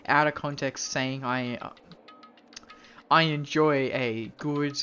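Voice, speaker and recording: A man's voice: mid-range voice, steady tone, takes it slowly, bright, forceful tone, lo-fi sound, faint music behind. Rambling, joking streamer guy. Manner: rambling, joking, swears freely, mock-formal bits. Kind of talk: casual live-stream chat.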